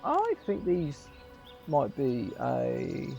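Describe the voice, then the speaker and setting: Croaky-voiced male gaming streamer. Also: mid-range voice, huge pitch swings, very slow, a little mellow. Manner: chatty, reads narration with small slips and restarts. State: slightly croaky. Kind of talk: casual let's-play commentary, reading game text aloud. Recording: dull lo-fi mic with faint music.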